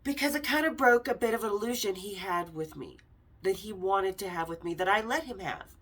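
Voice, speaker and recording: A middle-aged Las Vegas woman, hosting a podcast, shares a personal story with frank honesty, swearing and dramatized dialogue. Her mid-range voice is animated, fairly bright and a little fast.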